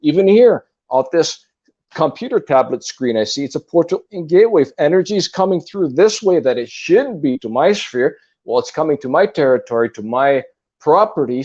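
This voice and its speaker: A man's voice: mid-range voice, darkish tone, dull audio. Earnest man lecturing on energy. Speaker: guest on a spiritual talk stream. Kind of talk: casual spiritual talk.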